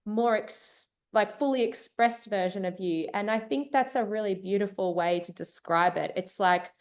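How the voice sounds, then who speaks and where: A mother speaking earnestly and emotionally in a reflective conversation, often pausing to search for words. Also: mid-range voice. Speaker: mother sharing her birth story.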